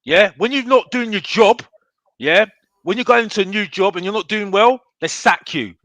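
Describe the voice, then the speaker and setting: Brief: outspoken male football pundit, higher bright voice, dry close sound, keeps checking "yeah?". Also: normal speed, dry recording. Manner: emphatic, keeps asking "yeah?"; blunt and fired up. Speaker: football fan pundit guest. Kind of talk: casual debate chat.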